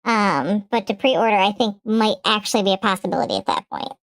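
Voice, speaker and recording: A woman's voice: mid-range voice, brisk, dry recording. A woman with a Michigan accent hosting a casual live game stream, rambling and answering chat as she plays. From Michigan, USA.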